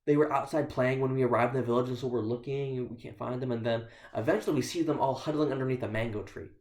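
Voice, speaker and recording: A man's voice: mid-range voice, fairly even intonation, quick pace, darkish tone. A man speaking as a visiting missionary in church, telling stories with dry, self-deprecating humor. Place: church sanctuary. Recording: echoey church room.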